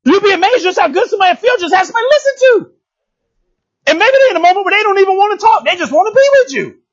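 A male pastor giving a lively, conversational sermon, speaking straight to his congregation and often checking in with them. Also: extremely high pitch, rapid-fire, dull audio. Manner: animated, talks straight to the congregation, often asks "you know what I'm saying?".

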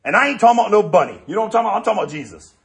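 A male pastor preaches in an animated, joking manner, often restarting his phrases. His voice is high for a man and his pace is quick. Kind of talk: sermon.

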